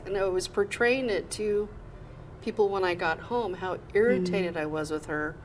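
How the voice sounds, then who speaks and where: A mother on a game show, telling a personal story in a measured, rueful way. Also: on the low side, slight background noise.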